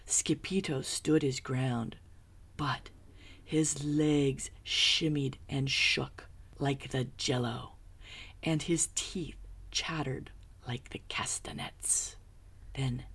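Storybook narrator: woman, low-pitched, unhurried, husky, hushed whispery telling. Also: fairly even intonation. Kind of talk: children's picture book reading.

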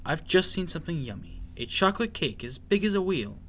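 A man voicing a bold young female mouse who talks briskly and reassuringly. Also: on the high side, big pitch swings, fairly bright tone, a little hiss or hum, voice pushed up.

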